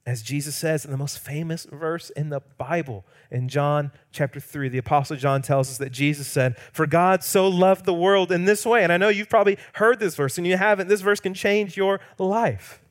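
A male pastor preaches in a fairly high-pitched, steady voice at normal speed with few pauses. The sermon swings between loud, emphatic peaks and hushed lines, and he sometimes acts out quotes playfully.

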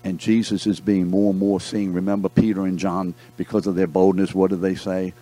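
A man's voice: low-pitched, a little fast. A man teaching a Bible lesson to a class, telling stories with jokes and calling on his students by name. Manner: animated, joking storyteller who calls on students by name.

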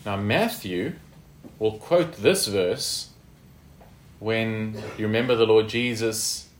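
A man's voice: lowish voice, slow, echoey room. A man teaching a Bible study in a conversational way, with fillers and tag questions.

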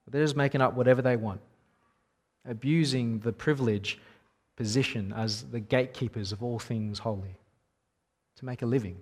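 A man's voice: medium pitch, normal speed, long pauses, a little mellow, breathy edge. A man in his thirties preaching a sermon in a conversational, wry storytelling manner.

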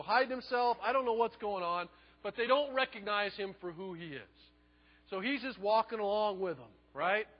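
A man preaching a sermon, telling the story in a lively way and acting out the quotes. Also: high-pitched, long reverb tail, muffled recording. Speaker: pastor.

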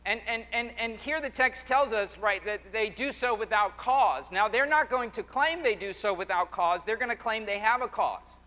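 A man's voice: high voice, normal speed, few pauses, sharp tone. A man preaching a sermon as pastor, emphatic, often repeating phrases in a preaching cadence, in a church sanctuary. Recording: long hall reverb.

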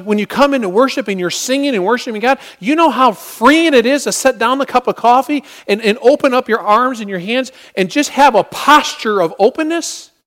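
A man's voice: very high voice, fairly bright tone, big-room sound. A man preaching a sermon, earnest, often acting out prayers and inner thoughts as he teaches. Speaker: pastor.

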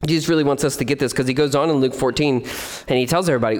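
A man preaching a sermon as pastor, animated and acting out the voices of complaining people. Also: medium pitch, racing.

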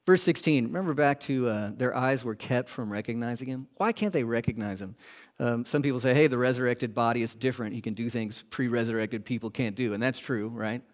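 A man preaching a sermon as a pastor, asking the congregation questions and moving between loud emphasis and hushed, quiet lines. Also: mid-range voice, fairly quick.

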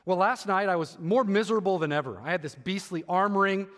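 A man reading the part of a troubled boy who was once a dragon, in a quiet confiding way. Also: sits high, a little fast, voice pushed down. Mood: earnest. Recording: hall reverb.

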